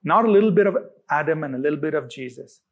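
A male pastor delivering a sermon with a slightly husky, breathy voice pitched a little high. He presses his points hard, repeats phrases and slows right down on the words he wants to land. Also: lively intonation. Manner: emphatic, repeating phrases with drawn-out stresses.

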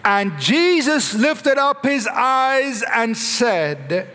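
Male pastor, high voice, animated sermon delivery, big echoing church. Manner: animated preaching, slowing and rising on quoted prayers. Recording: long hall reverb.

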